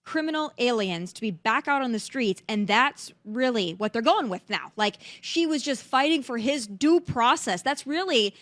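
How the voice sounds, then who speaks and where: A woman's voice: fairly high pitch, animated, moderate pace, few pauses, a bit bright, no echo. A young woman hosting political commentary, talking in an indignant, incredulous way. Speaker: host.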